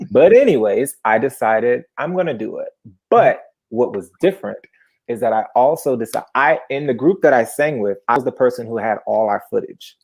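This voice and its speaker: A man in his twenties telling a personal story live, chatty and animated, with sudden high-pitched bursts. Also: normal speed, slightly rough.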